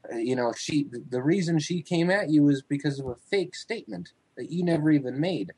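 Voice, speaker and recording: A man's voice: fairly high pitch, lively intonation, fairly quick, mellow, breathy edge, no echo, low-quality recording. A man in casual chat, rambling with lots of fillers and frequent swearing.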